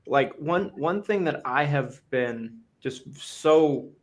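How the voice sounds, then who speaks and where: A man's voice: fairly high pitch, expressive, takes it slowly. A man hosting a casual podcast conversation, earnest and restarting phrases as he thinks aloud. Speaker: host.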